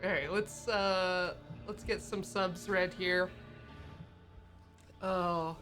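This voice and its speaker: Slow-talking woman co-hosting a stream. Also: lowish voice, fairly even intonation, a bit bright, faint music behind. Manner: unhurried, laughs often. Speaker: stream co-host. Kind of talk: casual chat reading subscriber thanks.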